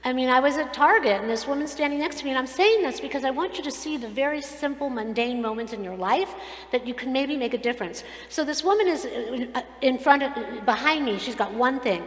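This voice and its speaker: A woman rabbi giving a sermon, telling stories in an animated, earnest way. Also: sits high, fairly quick. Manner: animated storytelling, earnest and preachy. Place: synagogue sanctuary. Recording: echoey hall, long reverb.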